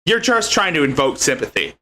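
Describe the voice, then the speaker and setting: A man's voice: on the high side, sing-song, a little fast, sharp tone. A man hosting a live commentary show, talking in a sarcastic, scornful and rambling way. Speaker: commentary host.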